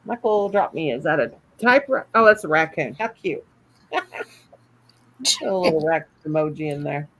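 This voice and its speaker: A woman's voice: sits low, animated, normal speed, poor audio. An older woman hosting a casual livestream at home, chatty and folksy, reading comments aloud and laughing often. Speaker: livestream host.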